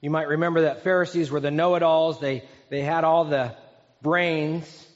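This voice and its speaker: A man preaching a sermon as a pastor, talking in a relaxed, storytelling way with pauses and restarts. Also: on the high side. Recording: dull, echoey hall recording.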